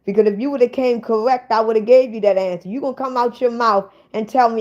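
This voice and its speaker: A woman's voice: a little high, fairly even intonation, fairly quick, hardly any pauses, darkish tone, dull audio. A woman hosting a casual livestream, bluntly ranting and swearing at viewers in the chat. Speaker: livestream host.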